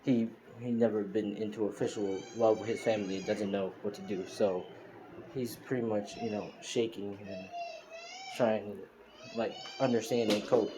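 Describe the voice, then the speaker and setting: Low-voiced man rambling through a story. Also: fairly even intonation, normal speed. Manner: rambling, full of fillers like "you know" and "pretty much". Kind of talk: casual spoken fan story. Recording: hissy home screen recording.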